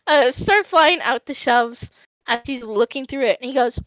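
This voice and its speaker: A woman's voice: high voice, animated, normal speed, a bit bright, dry recording, low-quality recording. A woman narrating a tabletop game as game master, casual and hesitant.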